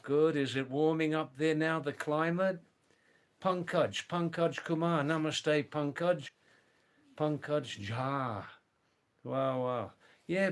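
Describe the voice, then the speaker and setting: A man's voice: fairly high pitch, clean tone. An older man, chatting casually on a live stream, greeting viewers by name and often saying wow.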